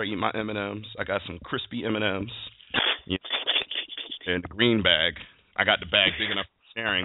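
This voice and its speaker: A man hosting a casual sports talk podcast, animated and trash-talking, swearing now and then. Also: fairly low pitch, slight background noise. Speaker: podcast host. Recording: tinny phone-line sound, dry.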